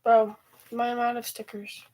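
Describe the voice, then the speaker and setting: A woman's voice: on the high side, little pitch movement, normal speed, a little mellow, slight background noise, poor audio. A teenage girl telling a rambling story in a casual vlog, restarting often and filling with ums. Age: teens. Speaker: vlogger. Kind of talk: casual talking-to-camera vlog.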